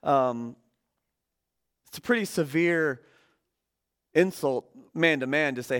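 A man preaching as a guest speaker in a relaxed, conversational sermon, joking with the congregation and using many fillers. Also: mid-range voice, takes it slowly, pauses often, clear, resonant tone. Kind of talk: casual sermon.

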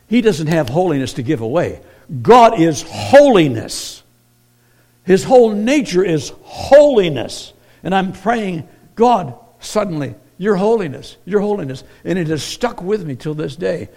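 Man, sermon, fairly high voice, very lively pitch, hushed then booming, clears throat now and then. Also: measured pace. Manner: swings from hushed storytelling to loud emphatic preaching. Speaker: pastor.

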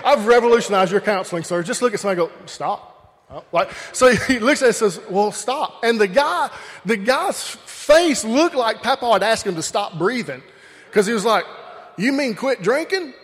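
A man's voice: sits high, animated, brisk, fairly bright tone. A man with a Southern accent from Alabama, preaching with folksy humorous stories and talking straight to the crowd. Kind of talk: humorous storytelling sermon. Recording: long hall reverb.

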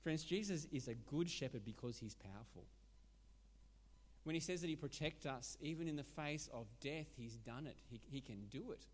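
Male preacher, lively and emphatic, voice sits a bit high, long reverb hall. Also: moderate pace. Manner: animated, emphatic, with restarts. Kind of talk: sermon.

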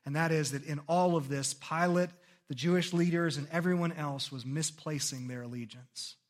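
A male pastor delivering a sermon in a conversational, earnest way, often pausing for "okay?" check-ins. His voice sits a little high and climbs sharply during dramatic scripture readings.

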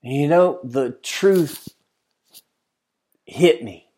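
A man's voice: on the high side, lively intonation, extremely slow. Earnest preaching man. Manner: earnest, shifts from emphatic to hushed; addresses listeners directly with questions. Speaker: pastor. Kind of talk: sermon.

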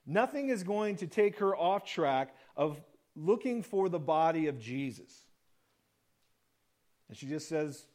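Male pastor, high pitch, casual sermon delivery that acts out the quotes. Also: big pitch swings, a little slow, darkish tone. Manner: conversational preaching, acts out quoted lines.

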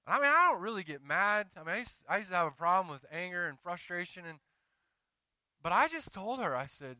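Pastor, male, high and piercingly bright, smooth tone, dry close mic; chatty and confessional, builds to emphatic preaching. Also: big pitch swings, fairly quick, no echo. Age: adult, married. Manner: conversational, confessional, rising to emphatic exhortation. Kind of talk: sermon.

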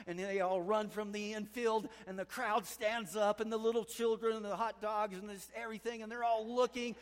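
A male pastor preaching in a big church sanctuary, his fairly high voice trailing a long hall reverb. He tells stories in animated bursts, climbing higher and louder as his excitement builds. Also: a little fast, few pauses. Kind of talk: sermon.

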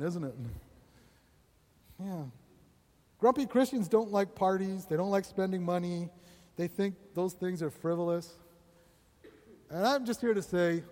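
A man's voice: high-pitched, darkish tone, big-room sound. A man preaching a sermon in a conversational way. He keeps checking in with the congregation and laughs between points. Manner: conversational, asks the congregation "right?" often. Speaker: pastor.

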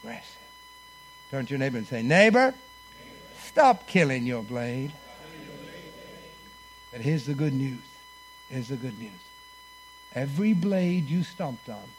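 A man preaching a sermon, leading the congregation in call-and-response and swinging between booming lines and hushed ones. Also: slight background noise.

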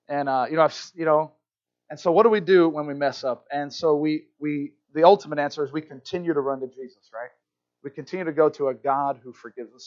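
A man's voice: on the high side, highs cut off. A man in his thirties, a pastor, preaching a sermon in a church in a conversational, self-deprecating storytelling way, with frequent restarts. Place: church sanctuary.

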